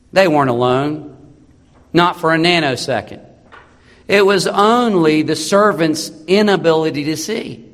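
A man's voice: a little high, long reverb tail. A man preaching a sermon as pastor, earnest and encouraging, repeating key phrases for emphasis.

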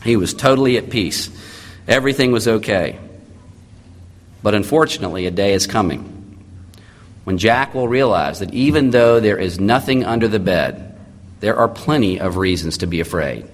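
A man in his thirties preaching a sermon as a pastor, swinging between loud emphatic lines and quiet intimate ones. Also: lowish voice, animated, moderate pace, pauses often, big-room sound.

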